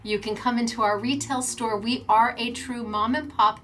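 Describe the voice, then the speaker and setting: A middle-aged woman hosting a craft class from her store, gushing and emotional over handmade gifts, laughing often and talking slowly and fondly. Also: fairly high pitch, fairly even intonation, fairly bright tone, slight background noise. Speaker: craft store owner and host. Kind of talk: unboxing and showing crafts on a class video.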